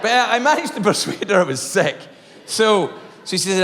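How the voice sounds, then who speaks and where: A Scottish man tells a stand-up story with a high, lively voice that leaps up and down. He jumps from shouted punchlines to low, muttered asides. His voice rings through a reverberant theater over clear crowd noise. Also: a little fast. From Scotland. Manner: animated, exaggerated, swinging between loud outbursts and low asides. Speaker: stand-up comedian. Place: theater stage before a live audience. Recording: long hall reverb, audience noise. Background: audience laughter.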